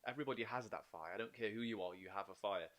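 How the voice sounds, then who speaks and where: Male podcast host, quick-paced, encouraging, casual. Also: lowish voice, fairly bright tone. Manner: encouraging, explains ideas with an image. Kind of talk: casual interview chat.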